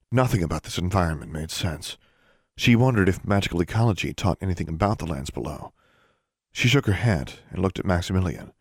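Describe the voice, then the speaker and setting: A man's voice: on the low side, no echo, clean studio sound. A man reading a fantasy novel aloud as an audiobook narrator, telling it steadily and evenly. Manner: steady, even storytelling with brief voiced dialogue. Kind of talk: scripted narration.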